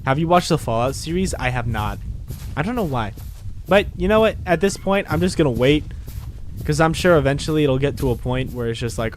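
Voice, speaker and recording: A man's voice: a little high, animated, fairly quick, a little hiss or hum. A man chatting casually on a game livestream, rambling and apologetic, sounding tired. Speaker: game streamer.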